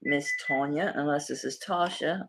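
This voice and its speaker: Casting: middle-aged Southern woman, low husky voice, folksy live-stream jewelry seller. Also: moderate pace, a bit bright. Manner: folksy, chatty, talks to viewers by name. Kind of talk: live-stream sales chat.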